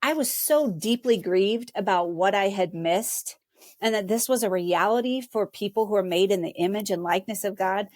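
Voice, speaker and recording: A woman's voice: mid-range voice, moderate pace, a little mellow, dry recording. A woman guest on a podcast telling a personal story in an earnest, emotional way and voicing her own past thoughts. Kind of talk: conversational interview storytelling.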